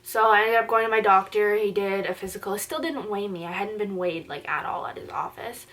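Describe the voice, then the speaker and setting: A woman's voice: mid-range voice, brisk, fairly bright tone. A young woman from Canada telling a personal story to camera, in an earnest, chatty way full of "like" fillers. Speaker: vlogger.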